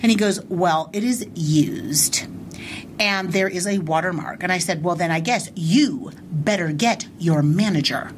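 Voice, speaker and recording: A woman's voice: on the low side, normal speed, few pauses, a little hiss or hum. A middle-aged woman co-hosting a podcast, retelling a heated story in casual chat and acting out both sides of the argument. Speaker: podcast co-host.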